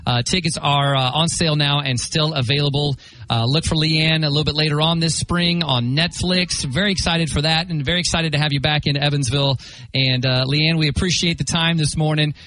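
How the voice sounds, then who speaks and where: A man's voice: on the high side, steady tone, brisk, bright, forceful tone, rough recording. A man hosting a morning radio interview, friendly and sprinkling his questions with hesitant fillers. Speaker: radio host.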